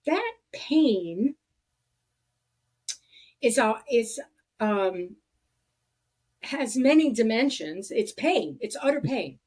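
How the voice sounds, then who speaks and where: A woman hosting a podcast, talking in a reflective, halting way with many restarts. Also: on the high side, big pitch swings, a little mellow, slightly rough. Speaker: podcast host. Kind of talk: casual conversation.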